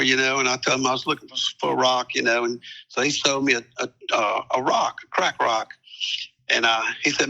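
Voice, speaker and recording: An older man tells his story in a calm, unhurried way, leaning on fillers and repeated words. His voice is gravelly and strongly forceful, with a bright, tense edge. He speaks as a guest in an interview. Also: mid-range voice, poor audio. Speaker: guest, retired police captain.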